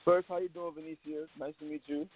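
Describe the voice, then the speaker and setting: A man co-hosting a casual online show, easygoing and a little halting as he asks questions. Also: fairly high pitch, level tone. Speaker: co-host. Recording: dry tinny phone line.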